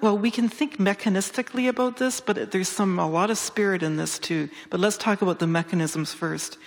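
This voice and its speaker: An enthusiastic woman researcher explains her forest work to a live audience. She often restarts her phrases, and her voice jumps up whenever a result excites her. Her voice rings out into a hall with a long reverb. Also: medium pitch. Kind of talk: public talk answering interview questions.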